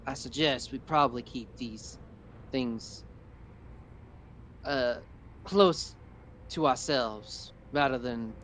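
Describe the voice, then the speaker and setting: A man voicing a polite, formal gentleman who smooths things over. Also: mid-range voice, slight background noise. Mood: conspiratorial. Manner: formal, apologetic, slow.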